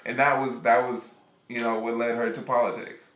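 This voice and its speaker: A man rambles through a casual live-stream story, animated and laughing often. His voice is bright and forward. The room around him is echoey. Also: mid-range voice, moderate pace, slight background noise.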